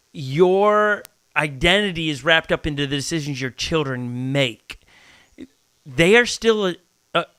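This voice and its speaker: Man, pastor host, casual chat, animated, bright tone, dry close sound. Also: on the high side, clean tone, dry recording. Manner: animated, acts out quoted dialogue, frequent restarts.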